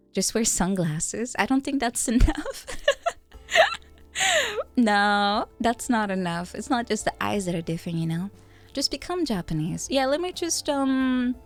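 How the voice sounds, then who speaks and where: A woman streaming from her apartment in Japan, chatting casually, laughing often and poking fun at herself. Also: medium pitch.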